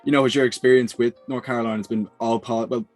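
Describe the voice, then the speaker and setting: A man's voice: medium pitch, steady tone, fast, a little mellow, no room sound, faint music behind. A man hosting a casual sports interview, asking chatty, leading questions. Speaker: podcast host.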